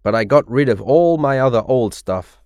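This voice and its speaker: A man's voice: mid-range voice, expressive, normal speed, darkish tone, no echo, studio quality, close to an everyday voice. A man voicing Arthur, an eager young boy. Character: cheerful young boy trading his toys.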